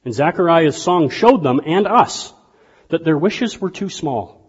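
A man preaching a sermon in a conversational, animated way that swings between quiet asides and loud bursts. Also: fairly high pitch, unhurried, slightly rough. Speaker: pastor. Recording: dull lo-fi sound with long hall reverb.

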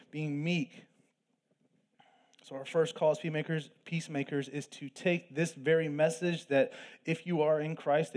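Guy preaching in church, kinda high voice, earnest, reads scripture slow. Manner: earnest preaching with asides and quick self-deprecating jokes. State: throat tickle, coughing at times. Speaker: pastor. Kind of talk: sermon.

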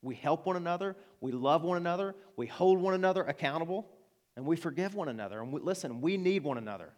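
A man's voice: fairly high pitch, lively intonation, fast, darkish tone. A man with an Arkansas accent preaching a sermon to his church, earnest and emphatic, building to passionate appeals. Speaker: pastor.

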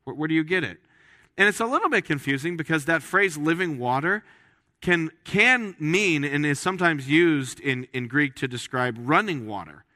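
A man's voice: fairly high pitch, animated, moderate pace, bright, forceful tone, no room sound. A man preaching a sermon in a church, talking in a conversational, joking way and often restarting his phrases. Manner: conversational, with frequent restarts and jokes. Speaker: pastor. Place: church sanctuary.

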